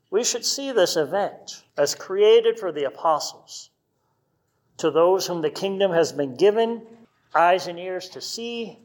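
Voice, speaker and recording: High-voiced man preaching conversationally. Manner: conversational preaching with rhetorical questions and acted quotes. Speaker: pastor. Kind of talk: sermon.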